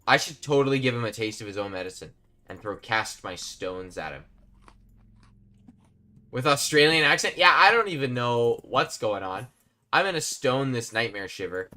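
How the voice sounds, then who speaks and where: Pushed and bright, a lowish male voice rambles chattily to his stream's viewers while he plays a game.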